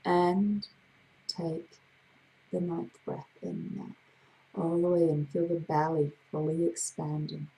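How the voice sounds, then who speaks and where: A woman hypnotherapist with a gravelly voice, leading a slow, soothing guided breathing exercise. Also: sits low, flat delivery, mellow, a little hiss or hum, low-quality recording. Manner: slow, soothing, drawn-out guidance.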